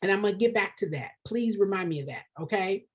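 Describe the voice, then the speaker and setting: A woman coaching nonprofit leaders in a passionate live talk, preachy and often breaking into shouting, hammering points home by repeating phrases. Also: medium pitch, expressive, fast, dull audio.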